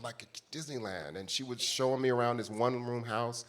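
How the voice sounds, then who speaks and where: A man's voice: mid-range voice, fairly quick, a bit bright. A man in his fifties from the United States, telling a heartfelt personal story as a conference panelist and speaking directly to the audience.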